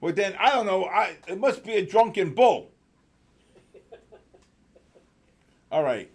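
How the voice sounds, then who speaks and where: A man hosting a live trading session, talking fast and excitedly with sudden loud exclamations. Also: high-pitched, slightly rough. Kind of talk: live trading room commentary.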